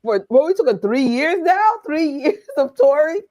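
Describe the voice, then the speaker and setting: A woman chatting casually as co-host, reacting with quick interjections. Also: high voice, sing-song, dark tone, lo-fi sound. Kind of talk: casual fan chat.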